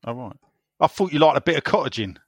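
A man's voice: fairly high pitch, lively intonation, quick pace, slightly rough, no echo. Teasing man reading out listener emails. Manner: jokey, teasing, reads listener emails aloud. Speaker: podcast host. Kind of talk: casual football podcast chat.

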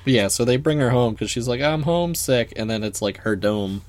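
Man co-host, mid pitch, playful banter, dry mic sound. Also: fairly quick, a little mellow, no echo. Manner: joking, laughs often. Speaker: podcast co-host. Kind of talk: casual recap chat.

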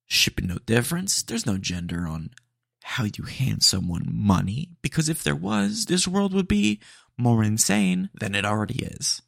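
A man's voice: fairly low pitch, very animated, normal speed, creaky, fairly bright tone, no echo, studio quality. A man hosting a podcast, chatting casually and rambling with lots of fillers and laid-back slang. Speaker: podcast host.

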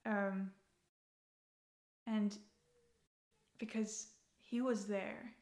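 A woman's voice: medium pitch, steady tone, very slow, a little mellow. A young woman, a podcast guest, talking casually and thoughtfully, often repeating herself and laughing easily. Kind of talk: casual chat. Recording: echoey room.

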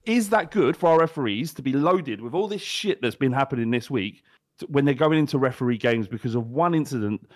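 A man's voice: medium pitch, animated, fairly quick, no echo, clean studio sound. A man co-hosting a football podcast, ranting bluntly and heatedly with plenty of swearing. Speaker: podcast co-host. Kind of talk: casual chat.

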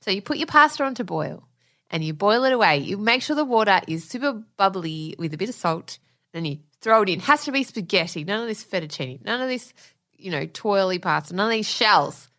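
A woman's voice: medium pitch, animated, brisk, pushed and bright. A woman co-hosting a podcast, giggly, chatty and self-mocking. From Australia. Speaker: podcast co-host. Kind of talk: casual chat.

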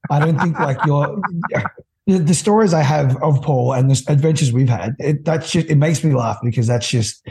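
A man's voice: on the high side, normal speed, vocal fry, mellow. A man co-hosting a podcast, talking fondly and rambling with frequent laughter. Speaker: podcast co-host. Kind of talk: casual chat.

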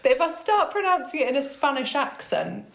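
A woman's voice: sits high, very animated, fairly quick, gravelly, fairly bright tone. A middle-aged woman as a guest in casual chat, playful and self-mocking, laughing easily, recorded in her own home. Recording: roomy home recording over remote link.

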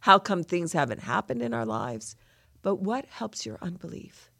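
Very animated at a normal speed, a woman with a lowish, fairly bright voice, vocal fry and a breathy edge co-hosts a podcast scripture lesson. She talks through a passage earnestly and from the heart, reflectively. There's no echo.

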